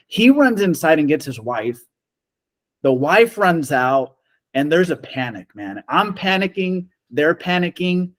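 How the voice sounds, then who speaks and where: A man telling a long story in casual chat, animated and acting out the quoted lines of the people in it. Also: medium pitch, normal speed. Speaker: storyteller guest.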